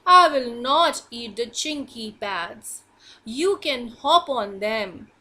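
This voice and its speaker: A gentle, apologetic storybook hippo, voiced by a woman teacher. She speaks slowly and softly. Her voice is bright and clear. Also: a little high, animated, full character voice.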